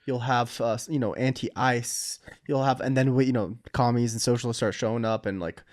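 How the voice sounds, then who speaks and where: A man's voice: medium pitch, fairly even intonation, fairly quick, darkish tone. A man with an ordinary mid-range voice talks in a casual podcast chat. He jokes and swears freely as he makes his points. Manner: profane, joking.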